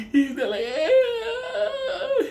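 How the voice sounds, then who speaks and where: A man spins a crude, rowdy story, laughing often and jumping into loud voices for the people in it. His voice sits a bit high. The room has a noticeable echo. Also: moderate pace, a little hiss or hum. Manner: loud, laughing, acts out quotes. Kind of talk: profane comic storytelling.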